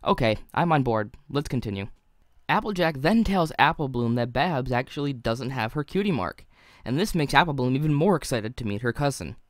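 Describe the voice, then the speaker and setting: A man's voice: mid-range voice, animated, normal speed, no room sound, studio quality. Wry young man narrating a review. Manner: analytical, wry asides. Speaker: video reviewer.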